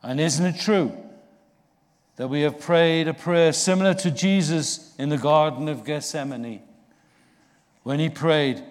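A man preaches in a slow, deliberate sermon voice that sits a little high for a man. His delivery is earnest and climbs in force to drive points home. The sound carries a long reverb from a church hall. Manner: slow and earnest, rising for emphasis.

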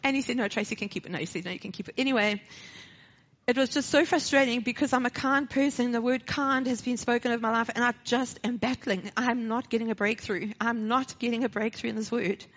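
Speaking fast in a fairly high-pitched voice, a South African woman gives an animated personal testimony at church, acting out the dialogue, and then delivers a short sermon. The recording is dull and lo-fi.

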